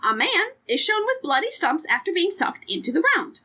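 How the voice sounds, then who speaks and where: A woman with a high, bright voice co-hosts a casual podcast chat. She is frank, swears freely and keeps joking. Her pitch swings widely as she talks. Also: sing-song, normal speed. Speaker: podcast co-host.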